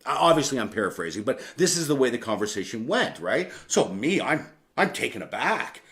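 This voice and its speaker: A man's voice: mid-range voice, sing-song, fairly quick, fairly bright tone. Brief: podcast host in his forties, male, mid-range voice, loose and candid storyteller who swears offhand. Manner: conversational, candid, swears casually, lots of asides. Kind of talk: casual storytelling monologue.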